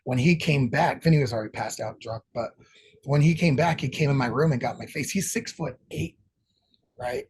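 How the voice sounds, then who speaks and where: A man's voice: mid-range voice, brisk, slight background noise. A middle-aged man telling rambling, profanity-laced stories as a podcast interview guest. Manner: profane, rambling, animated storytelling. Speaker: guest musician. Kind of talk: casual storytelling interview.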